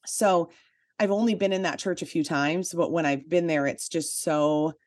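Woman podcast cohost, lowish voice, chatty storytelling w lots of "like". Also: moderate pace, a little mellow, no room sound, studio quality. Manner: chatty, frequent "like" fillers, emphatic asides. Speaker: podcast co-host. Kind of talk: casual chat, personal storytelling.

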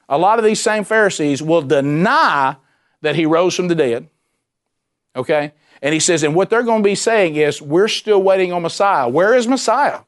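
A man preaching a sermon, animated and emphatic, repeating himself and dropping suddenly to a quiet voice. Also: on the high side. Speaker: pastor.

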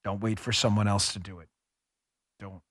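A man's voice: on the low side, little pitch movement, moderate pace, fairly bright tone, dry recording, clean studio sound. A man hosting a political podcast, delivering an angry, sarcastic commentary monologue with emphatic, repeated phrases. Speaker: podcast host.

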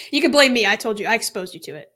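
A woman's voice: fairly high pitch, bright, forceful tone. A young woman co-hosting a true crime podcast in casual chat, laughing often as she talks. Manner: giggly, laughs often mid-sentence. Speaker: podcast co-host.

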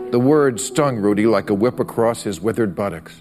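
A man's voice: on the low side, moderate pace, hardly any pauses, over music. A man hosting a late-night show, delivering a punchy comic monologue and laughing at his own jokes, in a television studio with a live audience. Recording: studio audience and room noise.

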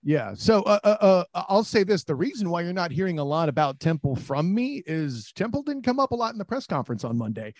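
A man's voice: high voice, very animated, fairly quick, few pauses, no echo. A man hosting a casual sports podcast, rambling with repeated words and easy laughs.

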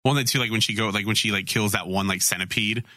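A man hosting a casual anime podcast, animated, swearing and acting out scenes. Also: fairly low pitch, quick pace, no echo, studio quality. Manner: animated, swears, acts out scenes in funny voices. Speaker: podcast host.

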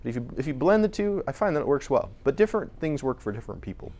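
A man's voice: medium pitch, big pitch swings, quick pace, darkish tone. A man presenting at a conference, talking conversationally with frequent restarts. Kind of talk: conference talk.

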